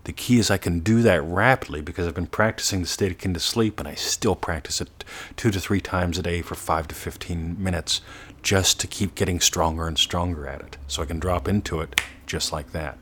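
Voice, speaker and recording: A man giving a motivational coaching talk, earnest, sometimes slowing to a soft, drawn-out demonstration voice. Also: deep voice, breathy edge. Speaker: manifestation coach.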